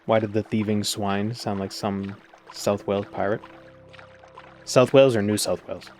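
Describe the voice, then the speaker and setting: A man's voice: fairly low pitch, level tone, moderate pace, a little mellow, a little hiss or hum. A man in his thirties streaming a game, chatting casually and joking with his chat. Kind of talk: casual gameplay commentary.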